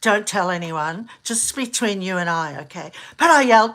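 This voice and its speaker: A middle-aged woman from Australia chatting casually in a rambling, animated way, laughing often and restarting her sentences. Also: medium pitch, normal speed, few pauses. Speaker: vlogger. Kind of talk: casual chat.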